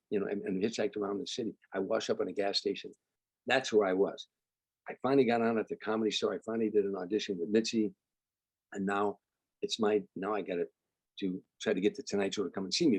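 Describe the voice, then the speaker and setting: An older man from Chicago, a comedian guest, telling stories in an animated way and acting out the people he quotes. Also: on the low side, creaky, slightly rough, no room sound. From Chicago, United States. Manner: animated storyteller, acts out quoted voices. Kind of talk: storytelling interview.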